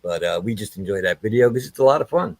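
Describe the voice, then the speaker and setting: A man's voice: lowish voice, lively intonation, fast, dry recording. A man hosting a music live stream, chatting casually and swearing now and then. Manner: laid-back, swears casually.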